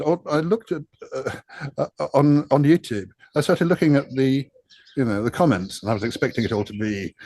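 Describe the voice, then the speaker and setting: A man's voice: medium pitch, darkish tone, husky, no room sound. Rambling, self-mocking man in dry sound. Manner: rambling, self-deprecating, swears freely, many fillers. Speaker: interview guest, music producer. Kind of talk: casual storytelling interview.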